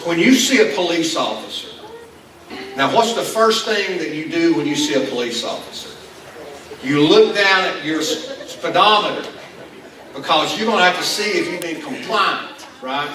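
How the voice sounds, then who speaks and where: Preaching in a school building converted into a church hall, a pastor from Appalachian Kentucky tells meandering stories at his own expense, restarting many times in a relaxed sermon. His Southern voice sits on the high side with a fairly bright tone. The mic is far away and the room echoes.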